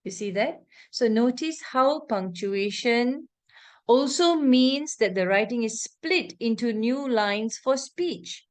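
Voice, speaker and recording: A slightly high-pitched woman speaks slowly as she teaches English online with a Malaysian English accent. She explains with patience and checks in with the class often, reading example texts aloud with plenty of expression.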